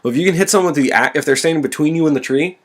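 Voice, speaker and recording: A man's voice: a little high, racing. A young man co-hosting a casual chat, chatty and joking in a goofy way. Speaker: podcast co-host.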